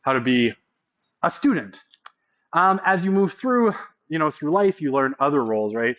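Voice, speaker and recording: A man's voice: on the high side, big pitch swings, moderate pace, a bit bright, dull audio. A man giving a casual college sociology lecture, often checking in with the class by asking "right?".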